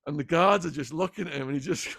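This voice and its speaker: A man guest in a sit-down interview, retelling events in an animated, dramatic way. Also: on the high side, fast talker, creaky, no room sound, studio quality. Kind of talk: vivid storytelling in a sit-down interview.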